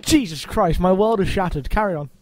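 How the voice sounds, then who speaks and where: A man co-hosting a casual podcast chat, sardonic and quick to laugh. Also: high-pitched, a crowd in the background. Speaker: podcast co-host.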